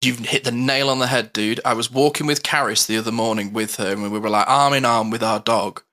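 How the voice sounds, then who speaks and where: A man co-hosting a casual podcast, his voice bright and forward. He speaks from the heart, rambling through thoughts with plenty of fillers and restarts, at an average pitch for a man. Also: steady tone, brisk. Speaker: co-host.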